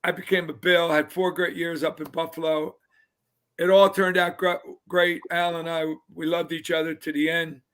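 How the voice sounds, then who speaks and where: Older man, high bright storytelling voice. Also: moderate pace, clear, resonant tone. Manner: lively anecdotes, mimics others in quotes, laughs often. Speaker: guest, retired football player. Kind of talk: casual storytelling on a fan show.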